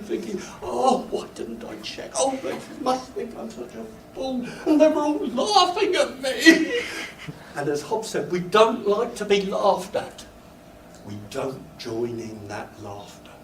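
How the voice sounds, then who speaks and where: An older British man giving a university lecture, animatedly telling stories and acting out his own embarrassed asides. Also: high voice. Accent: British English. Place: lecture hall. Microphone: room recording from a distance. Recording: echoey lecture hall, distant mic, faint noise. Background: student laughter.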